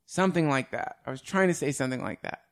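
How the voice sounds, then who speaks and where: Chatting casually on his podcast, this man swears and laughs throughout. He's an animated, fast talker with a medium-pitched voice.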